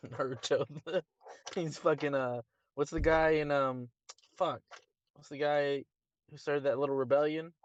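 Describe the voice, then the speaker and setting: A man's voice: fairly high pitch, fairly even intonation, a little slow, pauses often, dry recording, dull audio. A man from the US South co-hosting a comedy stream, blunt and sarcastic, swearing freely. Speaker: co-host. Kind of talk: casual chat.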